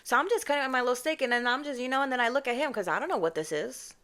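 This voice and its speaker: A woman's voice: sits high, very fast, fairly bright tone. A young woman telling a storytime to her viewers on her own mic, chatty and sassy, often mimicking other people in mock voices. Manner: sassy, addresses viewers as babes and y'all. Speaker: vlogger. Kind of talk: casual storytime monologue. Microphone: personal microphone.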